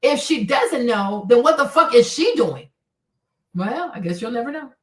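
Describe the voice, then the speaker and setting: A woman's voice: on the high side, big pitch swings, normal speed, far from the mic. Brash, profane woman streamer in an echoey room. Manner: brash, profane, emphatic and mocking. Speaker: livestream host. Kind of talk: blunt advice livestream.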